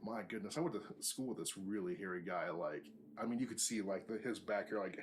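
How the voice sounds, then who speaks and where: A young man hosting a casual chat, teasing and quick to laugh. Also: low voice. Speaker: podcast host. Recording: faint background noise.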